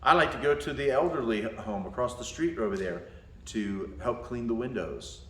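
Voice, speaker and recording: A male martial arts instructor talking to his students, a lively storyteller who acts out voices and laughs often. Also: medium pitch, normal speed, slight background noise. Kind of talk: talk to students. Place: indoor training room. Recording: echoey room.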